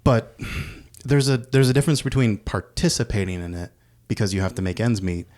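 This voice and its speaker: A man co-hosting a podcast, talking films in a relaxed, conversational way. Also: on the low side, fairly quick. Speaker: podcast co-host. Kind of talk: casual film discussion.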